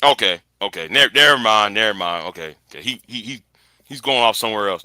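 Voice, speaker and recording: Rambling man in his early forties, bright voice. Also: on the low side, lively intonation, fast talker, no room sound, clean studio sound. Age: early 40s. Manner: rambling, repeats words, talks to chat. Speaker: channel host. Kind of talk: casual livestream chat with viewers. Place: at home.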